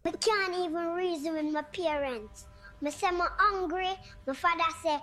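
A woman's voice: very high-pitched, normal speed, a bit bright. A young woman with a Jamaican accent doing a cheeky comic monologue. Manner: cheeky, complaining storyteller. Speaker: comedic performer.

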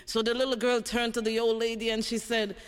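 A man's voice: extremely high pitch, brisk, smooth, big-room sound. A man telling humorous stories at an evening event, acting out the characters' lines. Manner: animated storyteller who acts out voices. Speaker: speaker at an event.

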